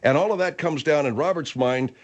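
A man's voice: a little high, highs cut off. A man hosting a comedy radio show, exasperated and bossy with his guests. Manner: exasperated, bossy, quick to laugh.

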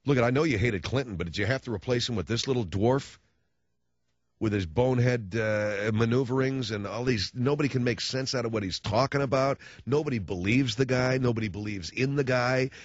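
A man's voice: medium pitch, brisk, no room sound, highs cut off. Sarcastic ranting male radio host. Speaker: radio talk show host. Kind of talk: political rant on talk radio.

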